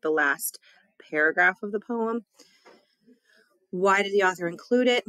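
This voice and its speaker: Teacher, female, lowish voice, recorded close and dry; chatty, relaxed test read-through for her class. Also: dry recording. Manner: casual, chatty, with small laughs. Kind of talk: reading a test aloud to students.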